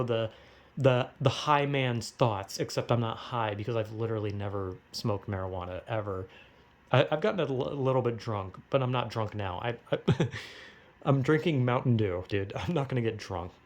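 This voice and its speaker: A man's voice: mid-range voice, darkish tone. A young man vlogging from home, rambling in a casual monologue full of filler words and swearing, laughing between thoughts. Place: at home, cooking.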